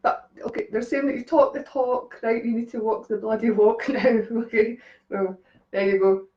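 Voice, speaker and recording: A woman's voice: on the high side, steady tone, normal speed, roomy sound, muffled recording. A woman with a Scottish accent doing live psychic readings on a stream, chatting and laughing with viewers by name. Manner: chatty, laughs often, talks to commenters by name. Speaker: psychic medium.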